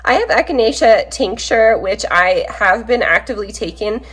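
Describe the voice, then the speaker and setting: A woman's voice: medium pitch, expressive, moderate pace, a bit bright, slightly rough. A woman in her thirties, a mother chatting casually through a grocery haul, talkative and practical with rambling asides, a little sick. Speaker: mother vlogger.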